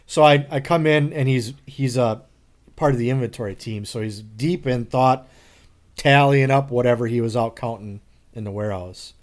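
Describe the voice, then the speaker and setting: A man from Wisconsin, a podcast co-host telling a workplace prank story among friends, animated and acting out other people's lines. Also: medium pitch, normal speed. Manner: animated, acts out coworkers' lines with laughs.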